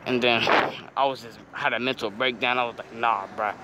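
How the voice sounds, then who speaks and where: A man's voice: medium pitch, fairly even intonation, fairly quick, very noisy. A teenage boy telling a story in casual slang, saying "bro" after nearly every phrase, outdoors near a street.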